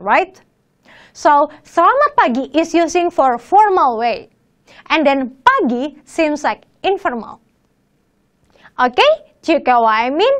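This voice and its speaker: This is a woman giving an online language lesson. Her voice sits high and moves through a wide, lively range of pitch. She speaks slowly and keeps putting questions to her viewers. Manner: animated, repeats questions to the viewer. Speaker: language teacher. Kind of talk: online lecture.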